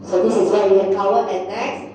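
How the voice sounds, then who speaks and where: Woman teacher, mellow voice, echoey room, mic far away. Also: mid-range voice, steady tone, slight background noise. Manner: patient, repeats words slowly, many checking "okay?". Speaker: Mandarin teacher. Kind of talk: classroom lesson.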